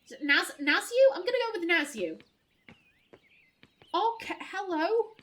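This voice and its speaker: A woman's voice: very high voice, big pitch swings, fast talker, a bit bright. A woman playing a story game, chatty and thinking aloud, often laughing as she reads dialogue. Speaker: let's play gamer. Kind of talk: game playthrough, reading dialogue aloud with commentary.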